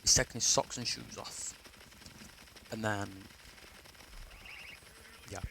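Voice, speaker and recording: Gravelly young man. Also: fairly low pitch, fairly even intonation, slow pace, noisy background. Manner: rambling, sweary, restarts a lot. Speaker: storyteller. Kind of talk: casual personal storytelling.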